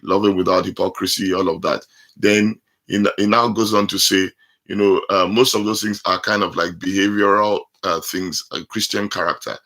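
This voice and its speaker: A pastor preaching a sermon, explaining scripture line by line with many fillers. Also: male voice, deep voice, fairly even intonation, normal speed, a bit bright.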